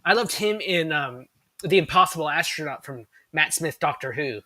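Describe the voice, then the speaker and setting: A man's voice: fairly high pitch, expressive, moderate pace, over a noisy crowd. A man co-hosting a podcast, chatting with enthusiasm, rambling with lots of fillers and restarts. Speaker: podcast co-host. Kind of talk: casual chat.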